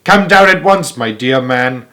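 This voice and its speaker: A man reading aloud and voicing a kindly, excitable middle-aged woman, raising his voice high for her. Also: moderate pace. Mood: overjoyed. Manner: raised, shrill when excited.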